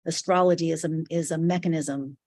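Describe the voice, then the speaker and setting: A woman's voice: sits low, fairly even intonation, a little fast, a little mellow. A woman teaching a live online spiritual class, speaking earnestly in loose, flowing, reflective phrases.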